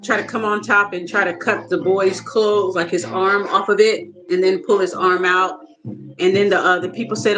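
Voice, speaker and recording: A woman telling a casual story with lots of cursing, animated and laughing often. Her voice sits at an average pitch, with steady music playing behind her. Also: low-quality recording. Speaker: tarot reader vlogger.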